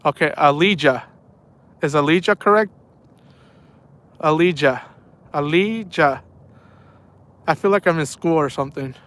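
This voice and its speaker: Casual young male streamer, playful, laughs a lot, unhurried delivery, smooth and clear. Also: on the high side, fairly bright tone. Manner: playful, laughs often, reads chat aloud. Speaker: fishing live-streamer. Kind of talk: casual live-stream chat. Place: outdoors at night by the water.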